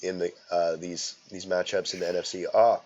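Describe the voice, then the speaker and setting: Male commentator, relaxed and joking, lowish voice, dull lo-fi recording. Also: normal speed. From rural US. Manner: joking, rambling storyteller. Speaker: play-by-play commentator. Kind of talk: casual game commentary. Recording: dull lo-fi audio.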